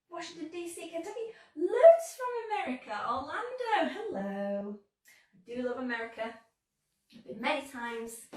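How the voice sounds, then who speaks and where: Upbeat English woman on a live stream. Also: fairly high pitch. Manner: chatty and upbeat, greets viewers warmly. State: slightly under the weather. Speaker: sewing brand ambassador hosting a live stream. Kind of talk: live-streamed sewing tutorial. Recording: echoey room, mic at a distance.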